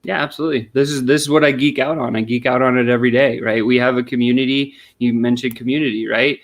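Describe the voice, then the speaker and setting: Here a man with a mid-range voice talks at a quick pace in a steady tone. As a sales consultant guest in a conversational interview, he goes through a sales method step by step and acts out sample questions and replies.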